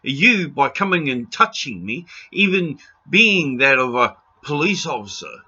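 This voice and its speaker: A man's voice: a little high, big pitch swings, a little slow, sharp tone, breathy edge, highs cut off. A New Zealand man in an impassioned rant to camera, blunt and pleading, raising his voice and swearing freely. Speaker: video blogger.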